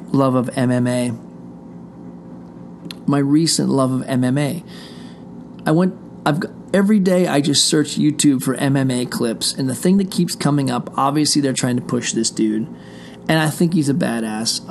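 A man's voice: mid-range voice, vocal fry, a little mellow, a little hiss or hum. A middle-aged man hosting his show from a room indoors, talking straight to his listeners in a rambling, profane, digressive monologue. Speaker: show host. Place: indoor room behind a closed door.

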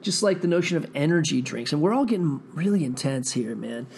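A man's voice: fairly high pitch, animated, a little fast, darkish tone, a little hiss or hum. A man rambling through a profane, meandering solo monologue, thinking aloud as a podcast host.

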